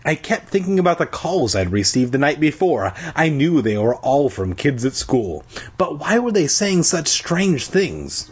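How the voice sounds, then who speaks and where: A man's voice: a little high, very animated, a little slow, breathy edge. A man reading a children's horror story aloud in first person, breaking off with crude joking asides. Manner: irreverent, joking. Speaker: reader.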